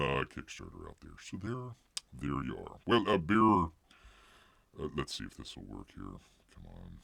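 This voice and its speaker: A man's voice: rumbling low, huge pitch swings, normal speed, gravelly, a bit bright, no echo. A man hosting a casual livestream, rambling with jokey asides and calling himself by name in the third person. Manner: jokey asides and silly voices. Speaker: livestream host.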